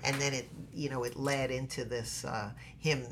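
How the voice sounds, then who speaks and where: A middle-aged woman with a low voice tells a story to a podcast host. She acts out each quote with drama and swings in loudness. Soft background noise sits under her voice. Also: steady tone, normal speed. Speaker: guest, actress. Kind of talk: animated storytelling in a podcast interview.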